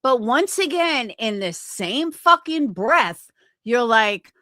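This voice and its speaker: Slow, combative, foul-mouthed woman. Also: a little high, lively intonation, sharp tone, dry recording, studio quality. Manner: combative, profane, slow and deliberate. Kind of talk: heated livestream argument.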